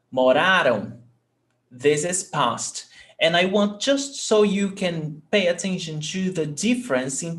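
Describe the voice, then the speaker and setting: Slow-speaking male language teacher. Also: on the high side. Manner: slow, deliberate explanations with frequent "okay?" check-ins. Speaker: Portuguese teacher. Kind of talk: online language lesson.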